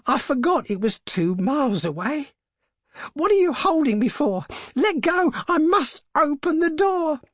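A male reader voicing a desperate, grieving old mother in an audiobook reading, crying out and pleading in a shrill voice. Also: sing-song, unhurried, no echo, studio quality, heavily acted.

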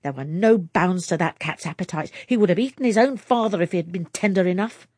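Husky woman reading a story. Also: fairly low pitch, brisk, darkish tone, no room sound, clean studio sound. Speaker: audiobook reader. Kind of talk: scripted narration.

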